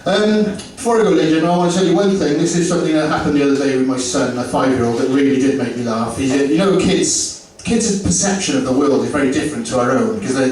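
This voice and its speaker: A man's voice: mid-range voice, recorded from a distance, slight background noise. Man doing stand-up in an echoey club. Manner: animated, acts out both sides of dialogue. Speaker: stand-up comedian. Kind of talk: stand-up set with crowd work. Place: comedy club.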